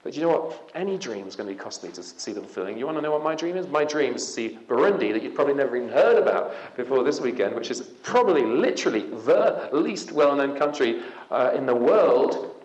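A man's voice: medium pitch, very animated, quick pace, a little mellow, highs cut off. A man giving an evangelical conference talk, conversational and punchy, with emphatic rising passages. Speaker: conference speaker. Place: conference hall. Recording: echoey hall.

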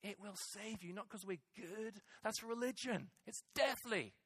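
A man's voice: high-pitched, unhurried, fairly bright tone, husky, dry recording. A middle-aged male pastor preaching a sermon, emphatic and repeating key phrases for weight. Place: church hall with congregation.

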